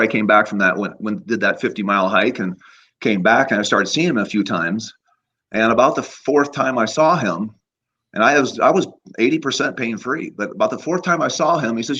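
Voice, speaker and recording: A man in his fifties, a chiropractor guest, telling casual stories in an animated way with frequent laughs. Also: lowish voice, brisk, slightly rough. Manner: animated anecdotes, laughs often, acts out voices. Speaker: guest, chiropractor and energy healer. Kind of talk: casual storytelling. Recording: slightly muffled lo-fi audio.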